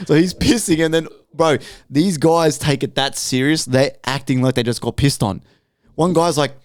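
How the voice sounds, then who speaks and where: A man's voice: a little high, fast talker, darkish tone, no echo. A young man co-hosting a podcast, telling rambling, profane stories and acting out other people's lines in a casual chat. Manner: swearing storyteller, acts out quotes with voices. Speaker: podcast co-host.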